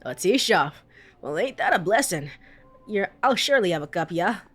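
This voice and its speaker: A woman's voice: on the low side, very animated, a bit bright, soft background music. A woman voicing a friendly man riding a cloud, in a vague, unspecified put-on accent with a folksy manner. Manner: folksy, drawn-out greetings.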